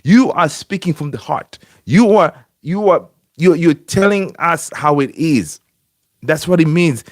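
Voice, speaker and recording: This man talks on the high side in an animated way, keeping a measured pace as he hosts a casual live stream for fans from his house. He addresses viewers by name, with lots of fillers and false starts, and his home webcam setup captures dry, clean studio audio.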